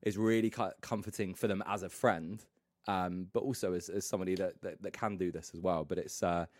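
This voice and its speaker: A man's voice: deep voice, steady tone, a little fast, a little mellow, dry recording. A young man from the UK, a radio presenter, chatting casually on a podcast, laughing often and joking about himself.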